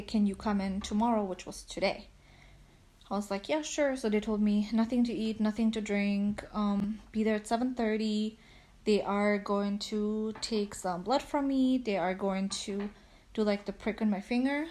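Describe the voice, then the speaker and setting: A woman's voice: medium pitch, steady tone, normal speed, a little mellow. A young woman talks straight to her camera from the couch, casual and chatty. She sounds a bit short of breath, and her sentences wander, full of "like" and "um". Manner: chatty, rambling, many "like"s. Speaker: vlogger. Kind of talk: casual chat. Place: at home on a couch.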